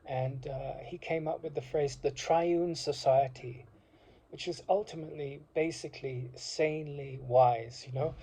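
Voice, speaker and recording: With a warm, slightly rough voice on the high side, he talks at an unhurried, steady pace. He is a university degree course alumnus offering an informal reflective monologue, impassioned and rambling, with many fillers and restarts.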